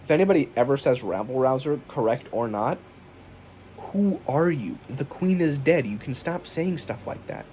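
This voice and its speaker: A man hosts a casual solo comedy podcast from a room at home, reading out a list and riffing sarcastically and profanely on each item. His mid-range voice is dark-toned with lively intonation at normal speed, and a lawn mower hums faintly outside.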